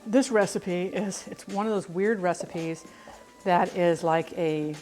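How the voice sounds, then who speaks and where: A woman's voice: lowish voice, slow pace, a little mellow, faint music behind. A middle-aged woman chatting while she cooks on a livestream, rambling and self-deprecating. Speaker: cooking livestreamer. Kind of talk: casual chat while cooking on a livestream.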